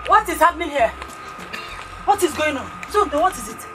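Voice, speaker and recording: Very high-voiced, scolding Nigerian mother, faint music under. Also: big pitch swings, normal speed. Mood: furious. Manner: loud, scolding, mocking. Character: fierce, sharp-tongued village mother. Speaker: angry mother defending her son. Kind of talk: Nollywood film acting.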